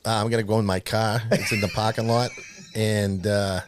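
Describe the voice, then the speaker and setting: A man's voice: lowish voice, little pitch movement, normal speed, background noise. A man with a New England accent co-hosting a casual chat, hesitant with many fillers and a dry sense of humor. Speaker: podcast co-host.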